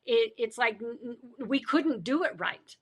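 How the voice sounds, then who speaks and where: A middle-aged woman, an author guest on a podcast, telling her life story with lively quoted voices and frequent laughter. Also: on the high side, unhurried, slightly rough. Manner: animated storyteller who acts out quoted voices and laughs often.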